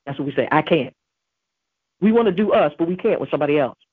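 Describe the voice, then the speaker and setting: A woman's voice: low-pitched, lively intonation, quick pace, breathy edge, no room sound, narrow, tinny audio. A woman hosting a devotional podcast, preaching earnestly and emphatically and quoting scripture. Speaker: podcast host.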